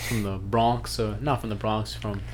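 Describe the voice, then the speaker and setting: A man's voice: lowish voice, flat delivery, normal speed, a crowd in the background. A man chatting casually with friends on a podcast, swearing often and laughing easily. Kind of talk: casual chat.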